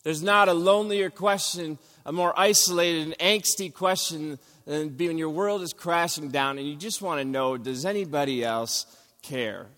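Animated male preacher in a reverberant hall. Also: fairly high pitch, normal speed, few pauses. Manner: animated storytelling, acting out scenes with sudden loud outbursts. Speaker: pastor. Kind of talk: sermon.

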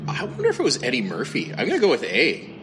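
A man's voice: medium pitch, wildly swooping pitch, fast talker, background noise. A man playing along in a casual podcast trivia quiz, thinking aloud and laughing often. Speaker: quiz contestant.

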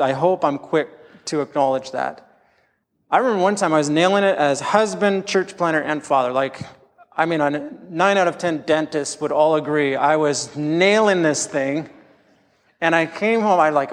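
A man's voice: a little high, big-room sound. A middle-aged man preaching a sermon as pastor, telling candid, self-deprecating stories from his own life.

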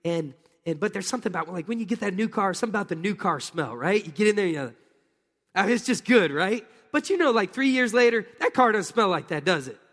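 A man in his thirties preaches in an easygoing, conversational way, often turning to the congregation with questions. His voice sits a little high for a man. A long reverb from the church hall trails each phrase. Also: fast talker. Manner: casual, animated preaching with audience questions. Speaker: pastor. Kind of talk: sermon.

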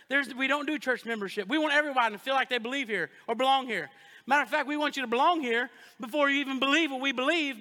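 High, bright-voiced male pastor preaching. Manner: joking, energetic, with call-and-response asides. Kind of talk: sermon. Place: church sanctuary. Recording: long church reverb.

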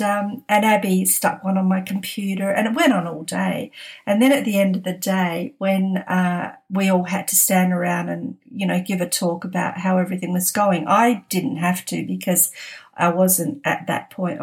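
Chatty woman podcaster telling funny stories. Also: lowish voice. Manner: chatty, laughs often while telling stories. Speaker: podcast host. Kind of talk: casual anecdotal storytelling.

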